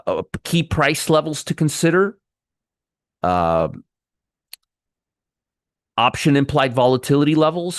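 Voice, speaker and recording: A man's voice: mid-range voice, dry recording, clean studio sound. A man hosting a live pre-market trading show, running through stock picks with a wry, teasing manner.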